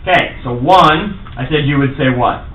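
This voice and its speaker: A man's voice: mid-range voice, moderate pace, a bit bright, highs cut off. A man with a New York accent giving a brash, punchy seminar talk to a live audience, acting out his own sales calls. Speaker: real estate trainer. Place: large meeting room. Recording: echoey room, faint noise.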